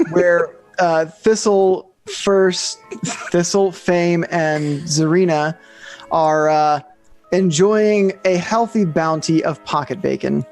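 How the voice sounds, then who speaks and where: A man's voice: fairly high pitch, slow, a little mellow, soft background music. A man narrating as game master in a tabletop game, rambling and restarting his sentences.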